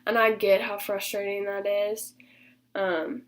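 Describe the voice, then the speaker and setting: A woman's voice: medium pitch, flat delivery, unhurried. Earnest young woman reflecting aloud. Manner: earnest, thoughtful, talks in loose starts with many fillers. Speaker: athletic training student. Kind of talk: casual reflective monologue.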